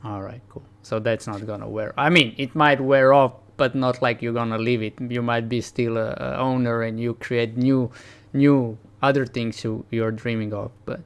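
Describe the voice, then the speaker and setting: Smooth-voiced man hosting an interview. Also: medium pitch, fairly even intonation, normal speed. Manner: conversational, summarizing back to guest. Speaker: talk show host. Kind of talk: interview questions.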